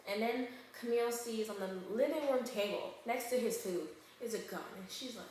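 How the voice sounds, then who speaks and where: A woman on her own channel retells a thriller plot, doing the characters' lines in animated voices and checking in with the viewer after every turn. Her voice sits a little high and bounces off the hard walls of a very echoey kitchen, with a faint hiss underneath. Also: moderate pace, few pauses. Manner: animated storyteller who acts out characters. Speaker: book vlogger. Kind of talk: casual book recap. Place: home kitchen while baking. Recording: very echoey room.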